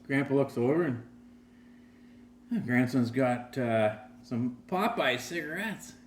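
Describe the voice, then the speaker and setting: A man's voice: mid-range voice, expressive, takes it slowly, slight background noise. Laid-back man telling a joke over beer. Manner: laid-back, filler-heavy storytelling. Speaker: host. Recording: roomy with faint ambience.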